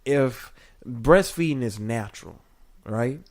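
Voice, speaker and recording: Playful male podcast co-host, rambling and animated, average pitch. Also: slow. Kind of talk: casual chat.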